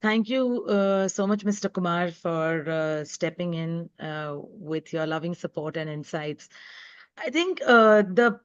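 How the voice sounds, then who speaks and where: A woman's voice: on the low side, unhurried, clean tone, lo-fi sound. A woman guest speaker and author giving an earnest, emphatic talk on an online panel. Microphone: video call.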